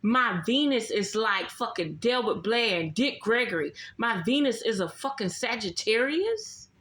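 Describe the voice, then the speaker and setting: A woman's voice: fairly high pitch, lively intonation, measured pace, a bit bright. A woman ranting about astrology in a casual vlog, blunt and emphatic, swearing constantly and repeating herself. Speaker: astrology vlogger. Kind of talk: casual profane astrology rant. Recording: roomy echo.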